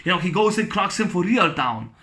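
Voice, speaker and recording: A man's voice: high-pitched, lively intonation, a little fast, sharp tone. A man reviewing a film in a rambling, enthusiastic way, with lots of fillers and restarts. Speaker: movie reviewer. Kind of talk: casual spoken film review.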